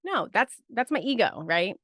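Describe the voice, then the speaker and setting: A woman's voice: mid-range voice, sing-song, normal speed, fairly bright tone, no echo, studio quality. A woman speaking as a podcast guest, talking in a casual, reflective, rambling way full of "like" and "right?". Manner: rambling, restarts, frequent "like" and "right?". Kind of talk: casual reflective interview talk.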